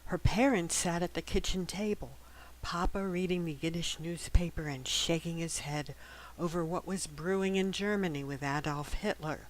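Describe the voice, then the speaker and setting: A woman reading a novel aloud as scripted first-person narration, gentle and even, sometimes dropping to a hush. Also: fairly low pitch, moderate pace, rough recording. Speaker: audiobook narrator.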